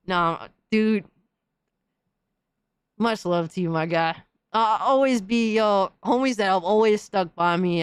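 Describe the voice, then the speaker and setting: A woman's voice: mid-range voice, clear, resonant tone, dry recording. A woman hosting a podcast, delivering a heated, profane, slang-filled rant in casual commentary. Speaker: podcast host.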